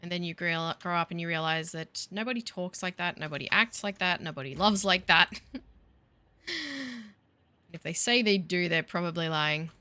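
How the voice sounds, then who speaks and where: Woman gaming host, wry self-mocking commentary, bright lowish voice, dry close sound. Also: normal speed, smooth, no room sound. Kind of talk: casual gameplay commentary.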